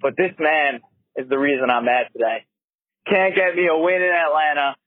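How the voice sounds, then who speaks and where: Man as a ranting caller, high-pitched, tinny phone line. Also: steady tone, moderate pace, no room sound, close to an everyday voice. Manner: ranting, repetitive complaints. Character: fired-up male sports fan caller. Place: car.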